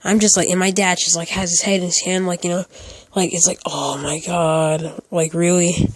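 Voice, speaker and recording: A man's voice: sits high, flat delivery, quick pace, no room sound. A teenage boy telling a casual storytime, rambling with lots of fillers and restarts. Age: teens. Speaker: storytime YouTuber.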